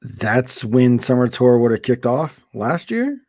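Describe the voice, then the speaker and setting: Brief: man voicing halting, low-voiced male reporter, comic. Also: big pitch swings, a little mellow, no room sound. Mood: drawling. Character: slow, drawling adult male magazine reporter. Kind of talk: comedy sketch, mock panel show.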